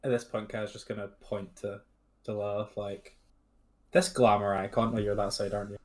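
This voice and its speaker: A man's voice: fairly low pitch, level tone, a little fast, darkish tone. A man, a player at a tabletop game, throwing in teasing, playful remarks. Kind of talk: joking banter at a game table.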